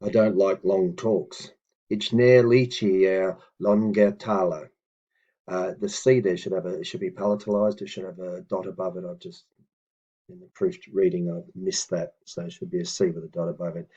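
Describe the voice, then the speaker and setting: A man teaching old phrases, reading each sentence and then sounding out its translation slowly and carefully, stopping to correct himself. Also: low voice, steady tone, mellow, husky, dull audio. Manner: slow, careful pronunciation of example phrases; self-correcting asides. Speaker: language teacher. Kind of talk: slow spoken language lesson.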